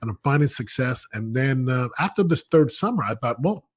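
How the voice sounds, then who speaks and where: A man in his late thirties, a guest in an interview, telling his story in an energetic, emphatic way with lots of slang and restarts. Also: mid-range voice, a little fast. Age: late 30s.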